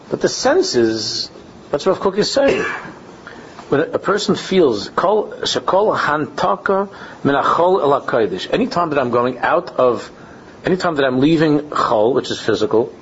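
Animated man teaching a Torah class. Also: measured pace. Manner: animated storytelling, acts out dialogues in pitch jumps; Yiddish and Hebrew terms woven into speech. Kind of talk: Talmudic-style lecture with anecdotes. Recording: lo-fi recording with faint background noise.

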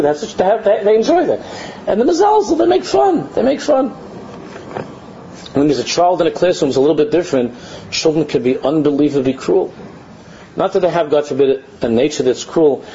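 Animated man lecturing on a religious text. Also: on the high side, highs cut off. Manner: animated, mimics mocking children, repeats phrases. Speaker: Torah teacher.

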